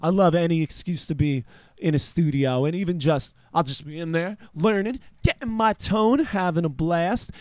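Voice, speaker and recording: A man's voice: fairly high pitch, moderate pace, darkish tone, no room sound. A man hosting a radio show, chatting casually and rambling, with swearing dropped in. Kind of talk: casual chat.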